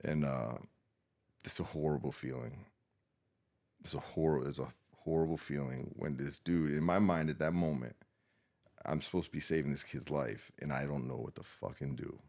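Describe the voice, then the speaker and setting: A man, a veteran guest on a podcast, telling an emotional personal story in a halting, subdued way, with many restarts and fillers and frequent swearing. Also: very deep voice, gravelly, darkish tone.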